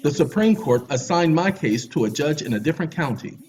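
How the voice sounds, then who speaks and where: A man with a fairly high voice explains law to his viewers in a casual, animated way. He lectures and addresses the audience directly, with faint music behind him. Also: a little fast. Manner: animated, preachy, talks straight to viewers. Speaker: channel host. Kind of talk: casual legal explainer with screen search.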